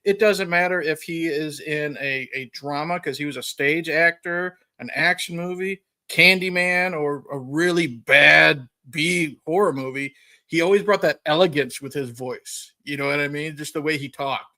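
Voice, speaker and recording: A man's voice: a little high, normal speed, bright, forceful tone. A man hosting an interview, chatty and rambling, with lots of fillers. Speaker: podcast host. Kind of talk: casual interview chat.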